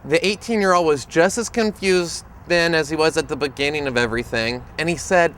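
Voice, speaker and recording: Male autism educator, fairly high voice, playful storyteller, faint background noise outside. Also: a little fast, few pauses. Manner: humorous, lively storyteller. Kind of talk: storytelling presentation to camera.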